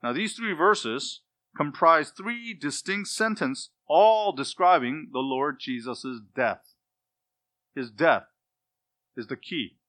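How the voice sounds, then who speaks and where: A man preaching an expository sermon, stressing key words by repeating them and dropping to quiet asides. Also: a little high, lively intonation, takes it slowly, no room sound. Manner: emphatic, repeats key words, swings between loud stress and hushed asides. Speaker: pastor.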